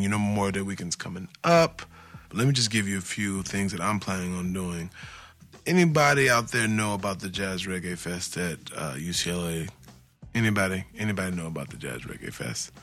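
A deep, low-pitched man with a bright, forceful edge, talking straight into a close, dry mic. He hosts a casual talk show in a chatty, enthusiastic way and wanders off into tangents. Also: dry recording. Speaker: host.

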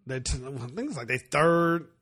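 A man's voice: on the high side, animated, normal speed, fairly bright tone, slightly rough. Man, sports podcast host, laid-back, conversational. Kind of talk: casual sports podcast chat.

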